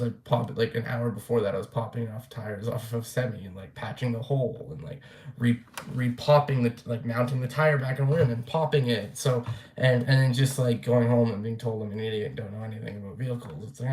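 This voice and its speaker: A man's voice: mid-range voice, steady tone, brisk, darkish tone. Young man, casual vlog rant, blunt and profane, loose rambling delivery, roomy echo. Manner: rambling, blunt, swears freely, many fillers. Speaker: vlogger.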